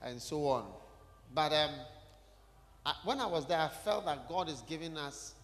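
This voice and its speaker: A man's voice: on the high side, expressive, unhurried, fairly bright tone. A man preaching a sermon, talking conversationally and putting questions directly to the congregation in a church hall.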